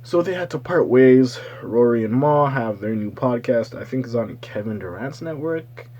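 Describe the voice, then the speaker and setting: A man with a husky, slightly breathy voice runs through casual commentary, loose and slangy with plenty of profanity. He rambles into side remarks and now and then jumps into loud, excited bursts. His pitch sits in an ordinary middle range. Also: moderate pace, highs cut off. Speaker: commentary channel host. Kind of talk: casual pop-culture commentary.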